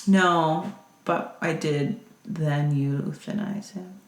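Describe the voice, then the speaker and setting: A young woman co-hosting a podcast, chatting with dry, deadpan humor. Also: low voice, drawn-out words. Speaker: podcast co-host. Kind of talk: casual chat. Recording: echoey room.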